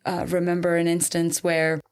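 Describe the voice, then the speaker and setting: A woman in her thirties from Seattle, co-hosting a podcast and telling personal stories candidly, jumping up in pitch when she quotes people. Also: normal speed, smooth. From Seattle, USA. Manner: animated, acts out quotes in a raised voice. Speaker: podcast co-host.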